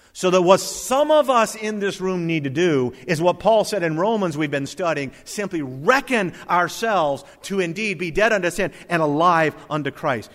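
Male preacher mid-sermon, emphatic delivery with sudden drops to a hush, recorded in a reverberant hall. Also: a little high. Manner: emphatic, swings from loud to soft, reads scripture aloud. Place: church hall with congregation.

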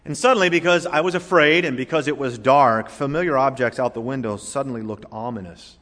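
A pastor from Florida preaching a sermon, with emphatic swings between loud declarations and hushed, drawn-out words. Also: male voice, mid-range voice. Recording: long hall reverb.

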